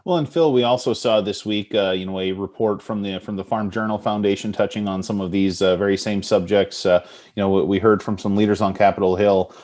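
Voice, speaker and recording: A man's voice: on the low side, fairly even intonation, fairly quick, darkish tone. A man hosting a weekly agricultural news show, conversational with frequent fillers. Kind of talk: news discussion.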